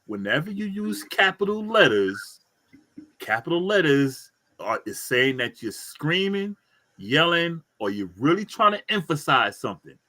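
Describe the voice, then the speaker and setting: A man co-hosting a casual talk show, telling stories in an animated way and acting out his own reactions. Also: on the high side, measured pace. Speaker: co-host. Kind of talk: casual chat.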